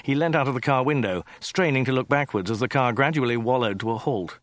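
A man's voice: medium pitch, fast talker, no room sound. A man narrating an audiobook in a dry, wry storytelling manner. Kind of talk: scripted narration.

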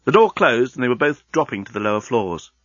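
Lively, husky male narrator. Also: brisk, no room sound, dull audio. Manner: expressive storytelling with wide swings in pitch. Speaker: audiobook narrator. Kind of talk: scripted narration.

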